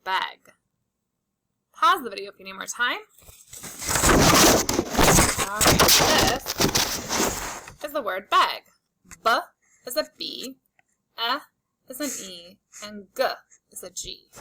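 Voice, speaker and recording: A woman teaching a slow, patient phonics lesson to young children, stretching out and repeating each word for emphasis. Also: fairly high pitch, bright, forceful tone, slight background noise, poor audio. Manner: drawn-out, emphatic word repetitions.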